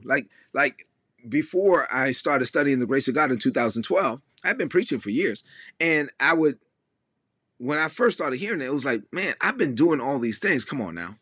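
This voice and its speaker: A man preaching a sermon in a lively, conversational way, acting out the voices of the people he quotes. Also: on the high side, husky, dry recording, clean studio sound. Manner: animated, acts out quoted voices. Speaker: pastor.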